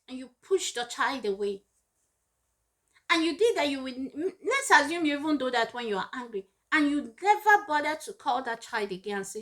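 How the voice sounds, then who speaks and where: A high-pitched woman talks earnestly about raising children. She is emphatic and repeats each point to drive it home, like a parent lecturing other parents. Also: very animated, normal speed, fairly bright tone. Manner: acts out scolding parents in raised voices. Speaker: parenting advice vlogger. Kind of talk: direct-to-camera advice talk.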